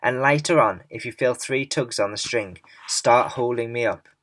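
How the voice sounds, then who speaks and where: A man's voice: mid-range voice, moderate pace, fairly bright tone, natural voice. A man reading aloud, voicing a brave young boy who takes charge in a storybook. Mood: urgent. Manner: urgent, commanding. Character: excitable young boy hero.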